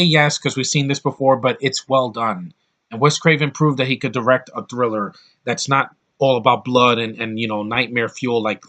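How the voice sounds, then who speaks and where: Bright-voiced man ranting about a film. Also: mid-range voice. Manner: rambling, opinionated, blunt, frequent restarts. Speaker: film reviewer. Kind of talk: casual film review monologue.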